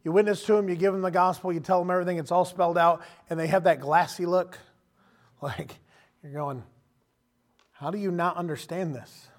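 A man delivers a sermon in a high-pitched voice. He talks to the congregation conversationally and animatedly, slipping into quoted voices as he goes. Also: steady tone, fairly quick. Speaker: preacher.

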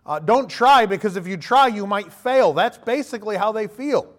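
Pastor, man in his thirties with a high-pitched voice; relaxed, conversational sermon delivery that slips into quoted voices. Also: moderate pace.

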